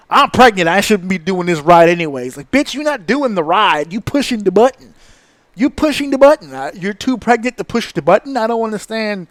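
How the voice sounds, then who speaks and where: A man in his thirties tells a story on his podcast, swearing freely and building into exasperated rants. His voice sits a little high. It is recorded dry, right up on the mic. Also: no room sound. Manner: profane, exasperated, animated ranting. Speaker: podcast host. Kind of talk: casual storytelling rant.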